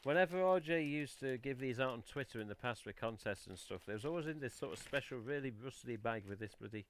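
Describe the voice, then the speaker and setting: A fast-talking Englishman with a mid-range voice and lively intonation hosts a casual collectors' live stream through a headset mic. He handles items from boxes while chatting and mildly swearing, over slight background noise.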